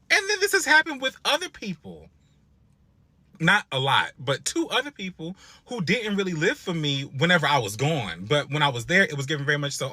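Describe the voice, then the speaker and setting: Young guy spilling tea, sassy and lively, bright high voice, super dry sound. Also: moderate pace, no echo. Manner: expressive, sassy, swoops into high exclaims. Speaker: storyteller. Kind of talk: animated storytime.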